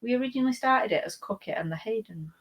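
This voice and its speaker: A woman's voice: fairly high pitch, animated, quick pace, low-quality recording. A woman co-hosting a live reselling show, chatting casually and reading out viewer comments. She teases her co-host, laughs often and bickers playfully.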